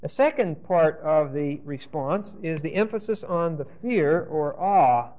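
A man's voice: fairly high pitch, animated, a little slow, darkish tone. A man teaching a Bible class, thinking aloud with restarts and often checking in with "Okay?". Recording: dull lo-fi recording.

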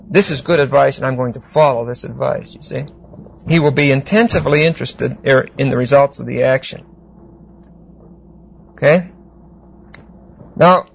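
A man teaching a Bible exegesis class, unhurried and explanatory, often pausing to check that listeners follow. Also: a little high, vocal fry, slightly rough. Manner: unhurried, explanatory, with frequent fillers and check-ins. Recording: dull lo-fi lecture recording.

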